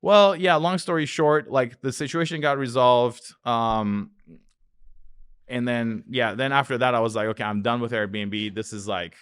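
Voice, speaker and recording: A man's voice: medium pitch, fairly even intonation, a little slow, a bit bright, clean tone, no room sound, clean studio sound. A man, an investor telling wild anecdotes in a podcast interview, swearing freely and acting out the people in his stories. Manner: profane, acts out voices in his anecdotes. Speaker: real estate investor guest. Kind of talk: animated storytelling.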